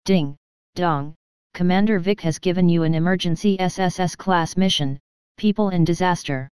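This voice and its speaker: Game system voice dinging out notices, formal, low-ish and super clear , woman reading it. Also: normal speed, a little mellow, no echo, lightly acted. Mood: announcing. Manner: formal, announcing. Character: flat announcing game system voice.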